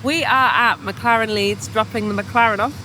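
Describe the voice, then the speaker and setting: A woman, a professional saxophonist, chatting excitedly in a casual vlog. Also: fairly high pitch, moderate pace, noisy background. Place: in a car and out and about.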